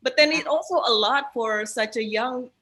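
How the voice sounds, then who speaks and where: A woman's voice: on the high side, normal speed, sharp tone. A woman in her thirties, a workshop participant, thinking aloud as she chats casually on a video call. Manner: thinks aloud while explaining. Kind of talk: casual chat.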